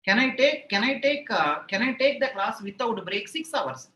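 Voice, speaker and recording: A man's voice: very high-pitched, expressive, moderate pace, sharp tone, roomy sound, rough recording. A man with an Indian English accent, an online exam-prep teacher chatting with his live class, repeating phrases and mocking himself playfully. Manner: repeats phrases, rambling anecdotes, playful self-mockery. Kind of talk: chatty aside in a live class, answering chat.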